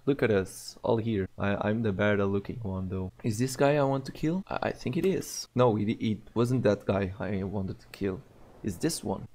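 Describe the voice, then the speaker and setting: Excitable young man commenting on gameplay. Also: lowish voice. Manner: excitable, swears often, talks to himself. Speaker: gaming video creator.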